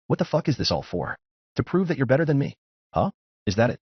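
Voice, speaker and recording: Man doing an angry hot-headed young ninja, cursing, husky voice, lively pitch, dull sound. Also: quick pace, no room sound. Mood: furious. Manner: furious, cursing, accusing. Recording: dull lo-fi recording.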